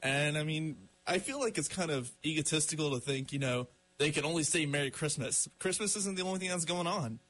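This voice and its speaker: Slightly high-voiced man giving opinions on radio. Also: brisk, few pauses, fairly bright tone, rough recording. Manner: opinionated, many fillers like "you know" and "I mean". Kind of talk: casual radio chat.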